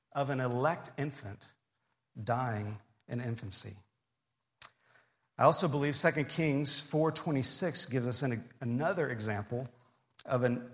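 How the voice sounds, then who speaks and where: A man preaching a sermon, reading scripture aloud in an earnest, measured way. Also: mid-range voice. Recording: long hall reverb.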